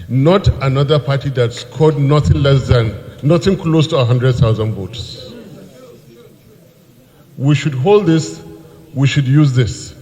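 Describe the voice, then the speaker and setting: A man's voice: mid-range voice, a little mellow. A man giving a rousing political speech to a meeting, asking rhetorical questions and answering them himself. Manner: rhetorical, answers his own questions, pleading. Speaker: politician addressing a party meeting. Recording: hall with long reverb.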